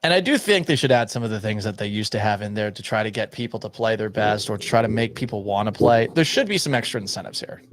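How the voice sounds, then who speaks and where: A male sports radio host with a sore throat, speaking in a subdued, near-monotone way with dry humor in a studio. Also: lowish voice, quick pace, few pauses, no room sound. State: sore throat, swollen tonsils. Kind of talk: sports talk radio monologue.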